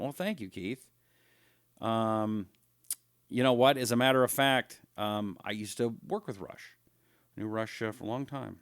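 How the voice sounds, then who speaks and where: A man's voice: lowish voice, a little slow, pauses often, clean tone, dry recording, studio quality. Chatty male radio talk host. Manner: chatty storyteller, reads viewer comments aloud. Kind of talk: live-streamed talk show monologue.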